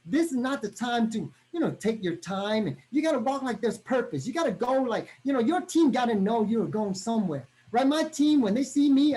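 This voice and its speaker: A man giving an energetic motivational training talk over a video call, constantly checking in with his listeners. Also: sits high. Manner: energetic, punctuates every point with "right?".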